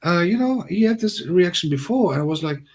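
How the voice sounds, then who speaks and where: A man's voice: sits high, animated, a little fast. A man hosting a casual livestream, talking to his chat in a rambling, chatty way with many fillers. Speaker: livestream host.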